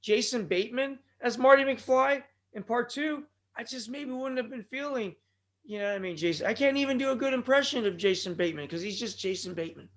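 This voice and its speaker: Male podcast host, high-pitched voice, rambling and digressive, bursts of shouting, scratchy throat. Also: a little fast. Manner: digressive, with sudden loud outbursts. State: throat bothering him. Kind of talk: rambling solo podcast talk.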